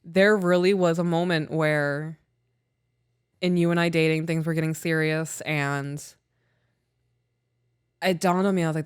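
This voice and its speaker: Smooth-voiced woman talking frankly. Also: deep voice, steady tone, measured pace, pauses often, no echo, clean studio sound. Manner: frank, emotional, swears freely. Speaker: podcast co-host. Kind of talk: candid casual chat.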